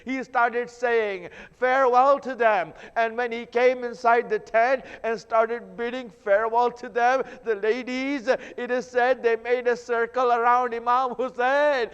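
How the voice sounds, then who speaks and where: A man's voice: very high voice, steady tone, measured pace, few pauses, fairly bright tone, smooth. A man giving an emotional mourning sermon, repeating his lines and breaking into sobs as he speaks. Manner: grieving, repetitive, breaks into sobs. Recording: echoey hall, slightly dull sound.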